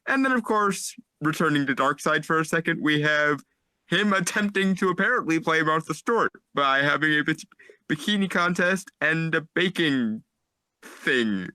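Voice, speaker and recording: A man co-hosting a casual comics podcast, reading out nominees with dry, deadpan humor. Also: fairly high pitch, normal speed, no room sound. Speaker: podcast co-host presenting a category. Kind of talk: casual group chat.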